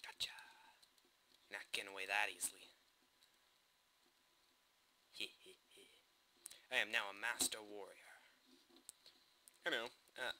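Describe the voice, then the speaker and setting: A man casually commentating his own gameplay, excitable and jokey, with quick bursts of alarm. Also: fairly low pitch, noisy background.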